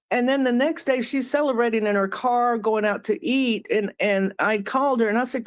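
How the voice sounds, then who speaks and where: A woman's voice: a little high, moderate pace, hardly any pauses, no echo. A woman from New Mexico ranting heatedly and swearing as a panel guest on a live stream. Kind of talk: casual live-stream chat.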